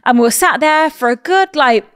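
A young woman co-hosting a podcast, telling a story in casual chat and swearing when excited. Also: high-pitched, moderate pace, dry recording, studio quality. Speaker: podcast co-host.

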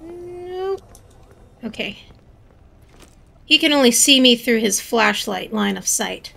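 A young woman commentating on her gameplay in a high, bright voice with a gravelly edge. She chats casually, makes jokey asides and is quick to be startled. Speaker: gaming channel host.

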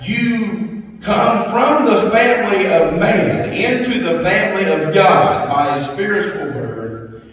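Middle-aged pastor preaching, kinda high voice, super echoey church, mic far away. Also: male voice, expressive, slow pace. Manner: conversational preaching, shifting between soft asides and raised emphasis. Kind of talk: sermon. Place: church sanctuary. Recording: distant echoey church hall, dull and lo-fi.

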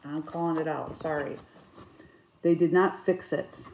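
A woman's voice: sits low, measured pace, pauses often, a little hiss or hum. Chatty woman crafter in an echoey room. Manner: chatty, rambling, animated with sudden outbursts. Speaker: cross stitch vlogger. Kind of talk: casual chat.

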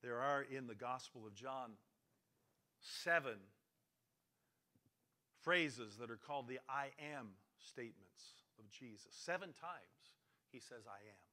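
A man preaching a sermon as pastor, swinging from loud, emphatic lines to quiet, low passages and repeating his key phrases. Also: expressive, takes it slowly.

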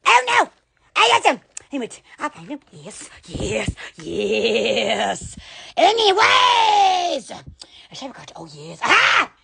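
Giddy high-voiced woman live-streaming. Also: slow pace, gravelly, a little hiss or hum. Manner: giddy and excitable, laughing and squealing often. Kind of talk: casual live-stream chat.

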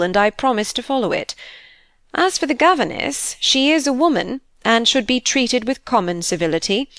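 Woman voicing a kindly young gentleman. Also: fairly high pitch, dry recording, clean studio sound, voice pushed up. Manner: frank, cordial.

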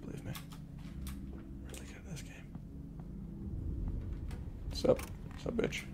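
A man streaming a horror game, shouting profane jokes at the characters and reacting with loud excitement. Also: slow, heavy background noise. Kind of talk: live gameplay commentary. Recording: game music underneath. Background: horror game music and sounds.

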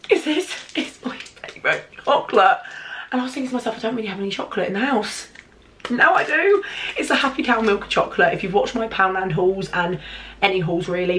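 A woman's voice: medium pitch, slight background noise. Gushing congested British woman. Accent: British English. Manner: gushing, excitable, swears freely. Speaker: YouTuber. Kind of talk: casual unboxing vlog.

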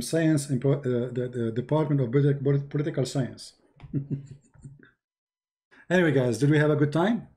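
A man with an Arabic accent, a native Arabic speaker from the Middle East, hosting a livestream and telling stories in a mocking, animated way. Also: mid-range voice. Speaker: host. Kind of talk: livestream commentary.

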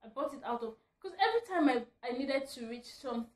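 A woman vlogger ranting at home, animated and often breaking into laughter. Her voice sits high, and the room adds a noticeable echo. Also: brisk. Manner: animated, laughing mid-rant. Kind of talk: ranting vlog.

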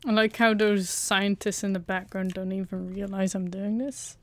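A woman's voice: medium pitch, level tone, moderate pace. A woman playing a game and commenting as she goes, muttering to herself and getting jumpy at the tense parts. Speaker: gaming channel host. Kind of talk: let's play commentary.

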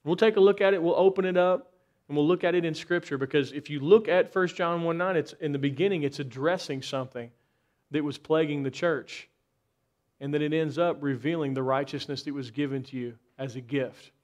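A man delivers a sermon in a church, his voice sitting a little higher than most men's. He presses the congregation with repeated rhetorical questions and swells into sudden surges of force before dropping back down. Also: fairly even intonation, brisk, darkish tone. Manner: rhetorical questions, rising intensity in bursts. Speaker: pastor.

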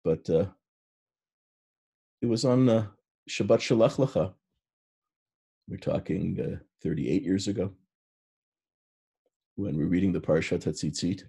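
Older guy rabbi preaching, deep voice, kinda husky, easygoing storytelling. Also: mellow. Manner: unhurried storytelling, mixing in Hebrew terms. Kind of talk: sermon.

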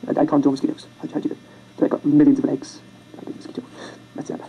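A fast-talking amateur video maker casually retelling a film over rough sketches, rambling, self-mocking, and tripping over words. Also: mid-range voice, monotone, highs cut off, slight background noise. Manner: makes silly sound effects and character voices.

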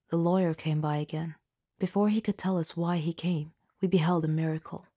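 Low-voiced woman narrating a story. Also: dark tone, husky. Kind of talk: scripted first-person story narration.

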